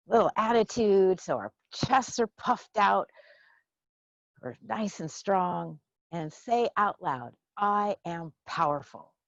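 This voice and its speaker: Woman, qigong instructor: slow, low-pitched cues in a dry, close recording. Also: no room sound. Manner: slow, soothing cues, playful when leading affirmations. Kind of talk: guided qigong meditation. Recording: dull, dry lo-fi sound.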